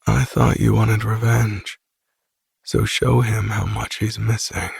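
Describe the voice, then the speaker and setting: A man's voice: fairly low pitch, level tone, slow pace, vocal fry, slightly rough, no echo, clean studio sound, full character voice. A man playing a reckless young man who teases and mocks with a manic grin. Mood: teasing. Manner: teasing, mocking.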